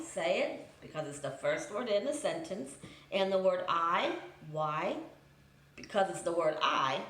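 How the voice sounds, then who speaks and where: Woman teacher, patient and methodical, mid-pitched voice, roomy echo, faint background hiss. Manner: patient, methodical, reads example sentences aloud then explains. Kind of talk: recorded grammar lesson for students.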